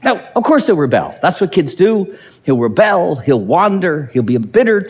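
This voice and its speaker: A man preaching a sermon, animated and sarcastic, quoting and mocking ideas he disagrees with. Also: fairly high pitch, moderate pace, husky. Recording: long reverb of a hall.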